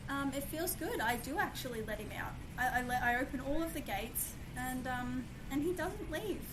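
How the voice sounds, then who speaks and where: Chatty woman host, noisy background. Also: high-pitched. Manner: rambling, restarts often, acts out her animals' voices. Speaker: podcast host. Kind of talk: casual interview chat.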